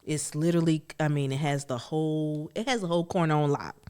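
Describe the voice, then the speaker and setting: A woman hosting a podcast, telling family stories in a chatty, animated way and acting out quotes from her relatives. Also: low-pitched, quick pace, smooth. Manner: animated, laughing storyteller who acts out family quotes. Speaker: podcast host. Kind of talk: personal storytelling monologue.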